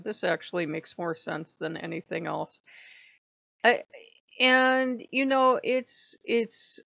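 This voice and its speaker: A woman with a low, gravelly voice talks through her week in a loose, rambling, chatty vlog. The sound is dry and close, with a dull, lo-fi tone. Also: no echo. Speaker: channel host. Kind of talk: casual devotional vlog chat.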